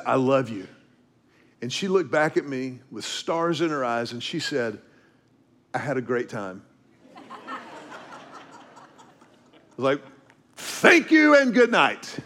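Male pastor, high voice, unhurried sermon delivery with weighty pauses. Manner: storytelling and preaching, slows down for emphasis.

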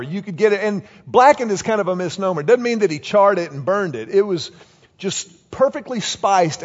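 Fifties guy preaching, high voice, storytelling and animated, kinda dull lo-fi sound. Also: in a large hall. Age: 50s. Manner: storytelling, animated, tells the congregation to repeat lines. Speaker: pastor. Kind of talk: sermon.

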